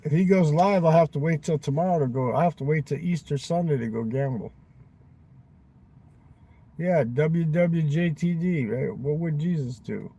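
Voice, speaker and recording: A man's voice: a little high, moderate pace, mellow, slightly rough, poor audio. A man live-streaming from his parked car at night, rambling crudely and swearing a lot.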